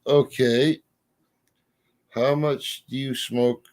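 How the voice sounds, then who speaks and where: A man chatting casually, spinning folksy stories at an easy drawl. His voice sits at an average pitch, with mild cursing. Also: fairly even intonation, very slow, darkish tone. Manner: folksy storyteller, drawling, swears mildly. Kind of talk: casual chat.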